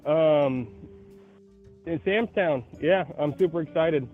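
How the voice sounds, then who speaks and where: A man's voice: on the high side, takes it slowly, faint music behind. A man calling in by phone to tell a story in casual chat, acting out the voices of the people in it. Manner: animated, acts out the voices of people in his story. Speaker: caller. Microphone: phone call. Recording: tinny phone line.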